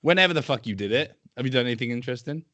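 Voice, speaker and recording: A man's voice: medium pitch, animated, racing, sharp tone. Crude podcast guy, mocking, laughs a lot, voice goes all over. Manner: blunt, mocking, laughs often. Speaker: podcast co-host. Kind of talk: crude casual banter. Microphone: live stream call.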